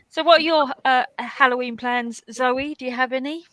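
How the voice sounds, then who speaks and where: A woman's voice: sits high, a bit bright, a little hiss or hum, rough recording. A woman hosting a live colouring stream, telling chatty anecdotes in casual talk. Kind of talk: casual chat.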